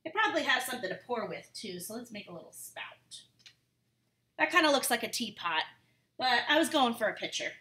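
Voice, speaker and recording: A woman's voice: fairly high pitch, very animated, brisk, pushed and bright. A woman teacher reading a story aloud and explaining words to young children, chatty and full of questions.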